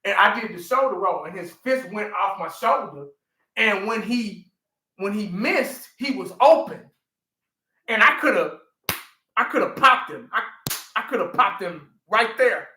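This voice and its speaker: Man in his 40s, fan-show host, high bright voice, animated storytelling, roomy echo. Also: measured pace, slight background noise. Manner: animated storyteller, laughs often, talks to chat by name. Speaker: livestream host. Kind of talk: casual livestream chat.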